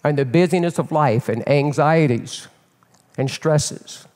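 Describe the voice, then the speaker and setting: An older man preaching as a pastor and telling a personal story in an animated, candid way, often repeating words as he builds. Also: fairly high pitch, unhurried. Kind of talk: storytelling sermon. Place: church sanctuary. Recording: long reverb of a church hall.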